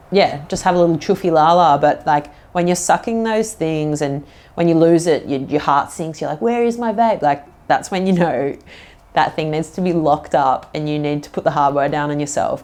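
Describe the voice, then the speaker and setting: A woman's voice: low voice, moderate pace, darkish tone. A woman hosting a casual solo podcast, rambling loosely with lots of "like" and "um" and slipping into playful put-on accents. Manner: rambling, fills talk with "like" and "um". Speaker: podcast host.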